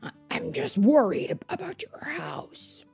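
A woman voicing a big hungry male wolf who is gentle and unsure, speaking softly and hesitantly, often in a whisper, for a storybook. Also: deep voice, lively intonation, unhurried, faint music behind, pitched below the performer's own voice. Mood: worried.

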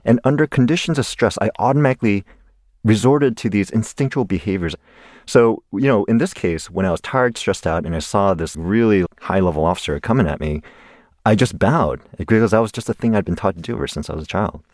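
A man's voice: lowish voice, fairly quick, a little mellow, no room sound, studio quality. A man in his forties from the United States, a guest in an interview telling a personal story animatedly and laughing along the way.

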